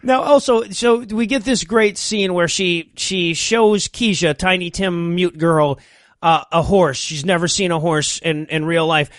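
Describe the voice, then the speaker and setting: A man's voice: high-pitched, fairly bright tone, no echo, studio quality. A man co-hosting a comedy podcast, riffing sarcastically on a movie and laughing easily. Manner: sarcastic, quick to laugh, slips into silly voices. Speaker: podcast co-host.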